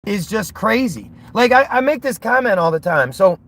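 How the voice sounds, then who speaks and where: An American man livestreams from behind the wheel, his high, fairly bright voice swinging widely in pitch at a moderate pace. He rambles, rants and repeats words while reading viewer chat, with road and car noise in the background.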